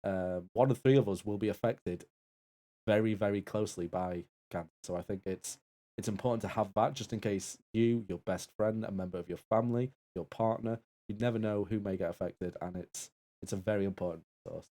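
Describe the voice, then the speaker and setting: A man's voice: on the low side, fairly even intonation, fairly quick, mellow. A man co-hosting a charity game stream, making a heartfelt, rambling appeal with many restarts. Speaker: co-host and Taskmaster assistant.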